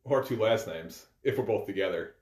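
A man's voice: fairly low pitch, normal speed, a little mellow. A man co-hosting a podcast, chatting in an easygoing, reflective way with filler words. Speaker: podcast co-host. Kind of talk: casual chat. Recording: roomy echo.

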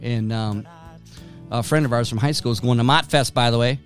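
A man's voice: medium pitch, a little fast, faint music behind. A middle-aged man hosting a casual chat, laughing often and swearing freely. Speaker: podcast host.

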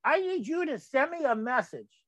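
A man's voice: very high voice, big pitch swings, moderate pace, fairly bright tone, dry recording, poor audio. An older man hosting his own show, rambling in a folksy way as he comments on photos. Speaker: podcast host.

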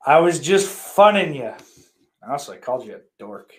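Brief: male podcast host, lively pitch, foul-mouthed and sarcastic, loud one moment and muttering the next. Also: moderate pace. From Irish heritage. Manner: profane, sarcastic, with big swings in loudness. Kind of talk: casual chat reading viewer comments.

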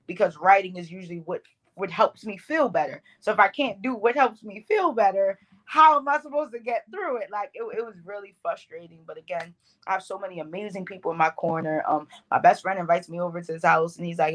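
Woman, Bronx accent, lowish voice, young adult, loose slangy storytelling, poet guest. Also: brisk. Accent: Bronx New York. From New York, the Bronx. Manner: loose, slangy, animated storytelling with many fillers. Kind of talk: casual interview talk.

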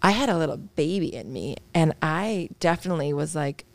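Low-pitched with lively intonation, she talks a little fast on a recording with no room sound. She's a psychologist in her thirties appearing as a podcast guest, earnest, open, and reflective in a candid interview, laughing softly at times.

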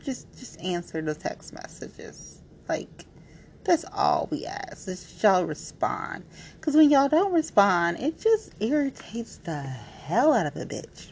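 A woman's voice: medium pitch, very animated, slow pace, darkish tone, slight background noise. A young woman hosting her own podcast, venting bluntly and a little pettily in a casual monologue full of slangy asides. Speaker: podcast host.

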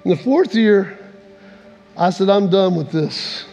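A man's voice: lively intonation, slow pace, dark tone, dull audio. A male pastor telling a personal story in a sermon, acting out what people said with big swings in voice. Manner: storytelling, acts out quotes with big swings in pitch. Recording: echoey hall with faint music.

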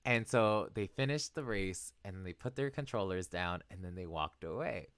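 A young man chatting casually as a podcast co-host, an animated storyteller who acts out quotes and laughs often. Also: low-pitched, normal speed, no echo. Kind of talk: casual chat.

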